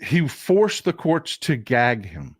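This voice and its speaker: A man from Texas hosts a livestream of casual political commentary, talking straight to his viewers in an emphatic way full of repeats and restarts. His medium-pitched voice swings hugely in pitch, and he speaks slowly. The recording is dry with clean studio sound.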